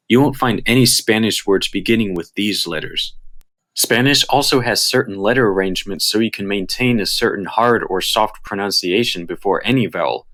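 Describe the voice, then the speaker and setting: A man with an American accent talks through a prepared lesson in a fairly low voice. His delivery is careful and measured, like someone reading from a script. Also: a bit bright. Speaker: channel host. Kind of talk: scripted explanatory narration.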